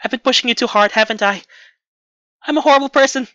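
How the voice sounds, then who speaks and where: A man voicing a worried teenage girl athlete who apologizes in a rapid outpouring while reading a visual novel aloud. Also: extremely high pitch, bright, forceful tone, no echo, dull audio, voice pushed up. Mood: panicked.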